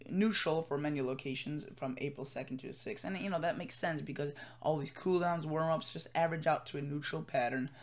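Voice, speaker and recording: Tired, rambling man giving a weather forecast. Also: fairly high pitch. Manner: rambling, with many fillers and self-corrections. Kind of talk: casual forecast commentary over screen.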